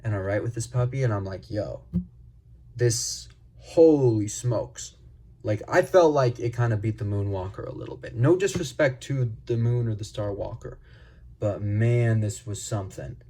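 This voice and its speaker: A man casually reviewing a pen on camera, rambling and excited, full of fillers and gushing exclamations. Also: fairly low pitch, brisk. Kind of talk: casual unscripted product review. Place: at a desk.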